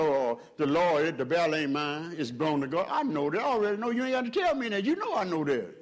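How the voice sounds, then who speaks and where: Male pastor, fiery sermon delivery, swings between loud peaks and quiet stretches, slightly higher voice. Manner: preaching with swells in pitch and volume, calls to the congregation.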